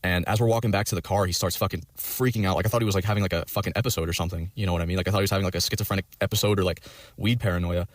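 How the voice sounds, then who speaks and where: A man's voice: deep voice, steady tone, racing, no echo, clean studio sound. A man telling a long personal story in a rambling way, full of swearing and fillers. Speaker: storyteller in a reacted-to clip.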